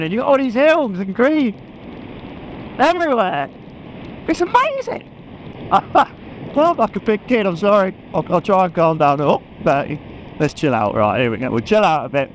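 A man's voice: high voice, a little hiss or hum, poor audio. Guy on a bike chatting into his helmet cam, keeps laughing, voice jumps all over the place. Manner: excitable, chatty, laughs often. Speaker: motorcycle vlogger. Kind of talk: casual chat while riding. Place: on a motorbike on open country roads. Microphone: helmet-mounted action camera.

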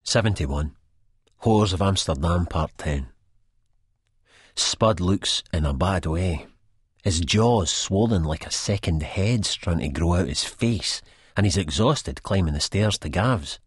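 A man's voice: low-pitched, lively intonation, slow pace, slightly rough, no room sound, clean studio sound. A man with a Scottish accent reading a first-person audiobook in a blunt, sweary, broad dialect. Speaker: audiobook narrator.

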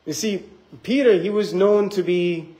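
A man's voice: sits high, measured pace, warm tone, poor audio. A young adult man preaching a casual, rambling sermon in a church, reading scripture and acting out the people in his stories. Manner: rambling, conversational, acts out quoted voices.

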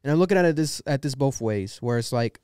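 Brief: young male podcast host, opinionated rambling rants, smooth clear voice, dry close sound. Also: mid-range voice, lively intonation, fast talker, darkish tone, no room sound. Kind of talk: casual podcast chat.

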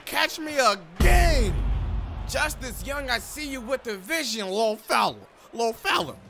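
Casting: high-voiced young gamer, gravelly, hyped trash-talk commentary. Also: male voice, animated, unhurried. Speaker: gaming YouTuber. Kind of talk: gameplay commentary. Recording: game music behind.

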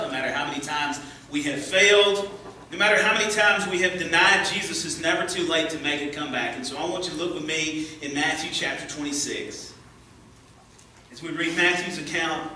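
A man preaching a sermon as pastor, earnest, rising as he reads scripture and hushed in prayer, recorded in a church sanctuary. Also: on the high side, distant mic, a little hiss or hum. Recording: echoey church from afar.

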